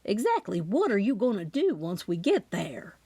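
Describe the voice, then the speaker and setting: A mischievous older aunt talks in a spirited, teasing way, as a woman narrator puts her on. Her pitch leaps about with animation, close and dry in an audiobook recording. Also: very animated, normal speed, dark tone, husky, no room sound. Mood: soft.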